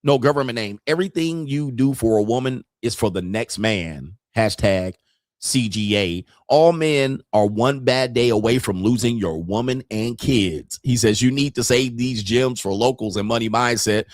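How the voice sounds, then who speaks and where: A man's voice: mid-range voice, normal speed, no room sound, studio quality. A man hosting a livestream, reading chat messages aloud and giving blunt, preachy commentary in a casual, slangy way that repeats itself.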